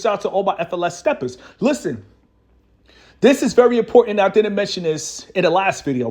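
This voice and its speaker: A man's voice: high voice, a little mellow. A man giving a preachy, repetitive relationship-advice monologue as the show's host. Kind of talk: motivational monologue to camera.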